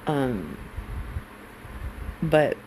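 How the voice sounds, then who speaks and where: A woman's voice: very deep voice, very animated, extremely slow, a little mellow, slight background noise, rough recording. A woman in her forties, a military spouse, talking candidly and emotionally about her own life, blunt and swearing when angry. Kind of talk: candid personal monologue.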